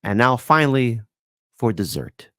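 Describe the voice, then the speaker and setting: A man's voice: medium pitch, very animated, unhurried, a bit bright, no room sound, clean studio sound. A man hosting live-stream political commentary in a sarcastic, mocking way, laughing at his own jokes.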